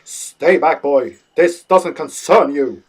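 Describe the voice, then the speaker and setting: A man voicing a wild, unhinged old grandfather who shrieks and yelps in high cries. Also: fairly even intonation, slow pace. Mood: commanding.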